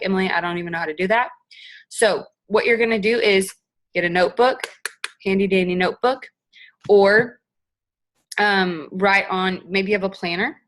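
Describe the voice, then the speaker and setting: A young woman giving a chatty, upbeat coaching talk on a team call, acting out example messages. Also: mid-range voice. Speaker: direct-sales team leader.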